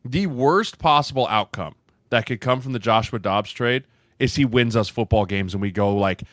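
A man's voice: medium pitch, moderate pace, fairly bright tone, no room sound, clean studio sound. A man co-hosting a sports podcast, making his case in casual chat, tossing in "right?" as he builds each point.

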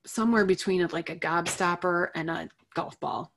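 A middle-aged woman telling an emotional personal story as a guest, candid and animated, laughing between phrases. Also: lowish voice, normal speed, a little hiss or hum.

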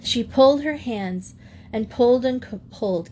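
A woman's voice: on the high side, normal speed, a little mellow, slight background noise. Woman narrating a classic story. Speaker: audiobook narrator. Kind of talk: scripted narration.

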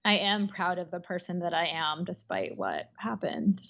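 A woman's voice: fairly low pitch, big pitch swings, normal speed, a bit bright, highs cut off. A woman guest author in a casual podcast conversation, speaking thoughtfully with many fillers and restarts.

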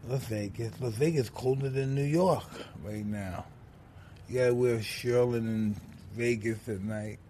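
A man's voice: medium pitch, measured pace, dark tone, slight background noise. Blunt, teasing middle-aged man hosting. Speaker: podcast host. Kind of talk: casual podcast chat.

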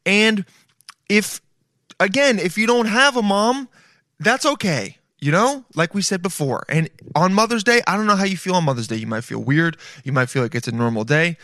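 A man's voice: a little high, very animated, brisk, bright, forceful tone, dry recording, studio quality. A man hosting a podcast in a casual, rambling comedic monologue, swearing freely and calling listeners dude. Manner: profane, rambling, chummy, says dude a lot. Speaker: podcast host.

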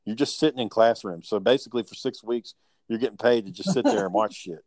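A man tells a long story from his old job in relaxed, profane chat, speeding up and slowing down as he acts out everyone's lines. His voice sits at a middle pitch, and the recording is close and dry, with almost no room sound. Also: no echo. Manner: profane, animated storytelling with acted quotes. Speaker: podcast guest telling work stories. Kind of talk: casual chat.

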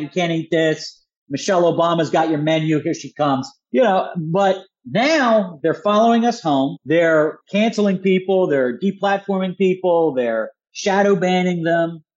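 A man's voice: high-pitched, darkish tone, highs cut off. A man with a Philadelphia accent, a guest on a talk radio show, making his points in punchy, combative bursts full of rhetorical questions. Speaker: guest author.

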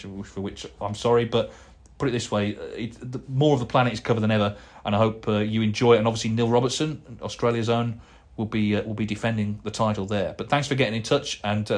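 A man's voice: fairly low pitch, steady tone, fast talker. A middle-aged man hosting a casual solo podcast, rambling and chatty with plenty of fillers and restarts as he answers listener emails. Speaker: podcast host.

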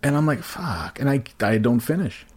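A man's voice: mid-range voice, fast, a little mellow. A man telling a crude, rambling comic story in casual podcast chat, full of fillers and restarts.

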